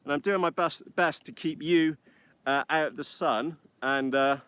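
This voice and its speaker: A man from the United Kingdom hosts a live stream in an outdoor field while flying model aircraft, recorded on an iPad. His voice is on the high side, smooth, and fairly bright, at a measured pace, and he chats casually, rambling cheekily with many uhs.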